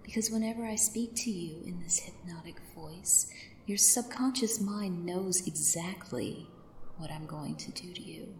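A woman in a commanding yet soothing whispered role-play, drifting between a soft voice and a whisper. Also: on the low side, a little slow. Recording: roomy echo, faint background hiss.

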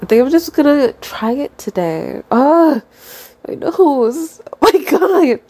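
A woman's voice: sits high, animated, slow pace, darkish tone. A young woman with a stuffy nose chatting casually to her listeners, giggly and swearing freely.

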